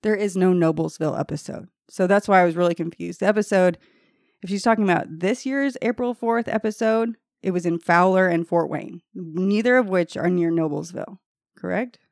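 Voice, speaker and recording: A woman's voice: on the low side, a little fast, a little mellow, no echo, clean studio sound. An American woman co-hosting a podcast, chatting casually and sounding exasperated. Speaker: podcast co-host. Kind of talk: casual chat.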